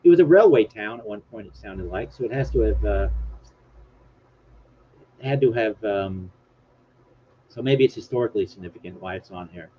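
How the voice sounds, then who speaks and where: A man's voice: lowish voice, lively intonation, normal speed, pauses often. A man hosting a casual live stream, rambling and joking about himself as he reads things off his screen aloud. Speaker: livestream host. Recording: dull lo-fi stream audio with faint hiss.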